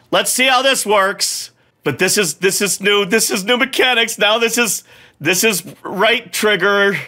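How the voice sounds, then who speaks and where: Brief: middle-aged man, bright, animated pitch, cursing gamer talking through his own play. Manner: swears often, rambles in broken restarts, exasperated. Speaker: gamer playing while his son coaches. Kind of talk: frustrated live gameplay commentary.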